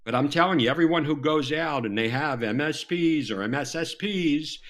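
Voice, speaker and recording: A middle-aged man with a Southern American accent, a former FBI agent telling stories as a guest on a podcast, with sudden jumps in pitch and loudness for emphasis. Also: moderate pace. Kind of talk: animated podcast interview.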